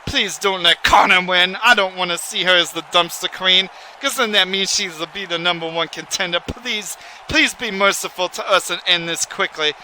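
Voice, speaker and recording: A man giving excitable, folksy, rambling play-by-play commentary on a wrestling video game. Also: sits high, moderate pace, few pauses, slight background noise, rough recording.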